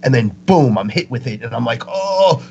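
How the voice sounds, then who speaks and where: A man, a guest on a spiritual talk show, telling stories with animated energy and acting out the voices he quotes. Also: mid-range voice, quick pace, creaky, a little hiss or hum. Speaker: interview guest. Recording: muffled lo-fi recording.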